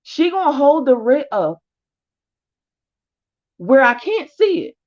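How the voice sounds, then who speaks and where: A woman's voice: high-pitched, very animated, slow pace, highs cut off. A woman vlogger telling a story of her own in blunt, profane, heated casual speech. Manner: profane, blunt, rising anger.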